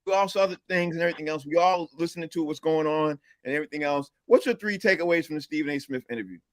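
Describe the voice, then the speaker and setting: A man's voice: a little high, quick pace, no echo. A man hosting a casual podcast panel over a video call, often repeating himself to prompt the others. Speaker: podcast host.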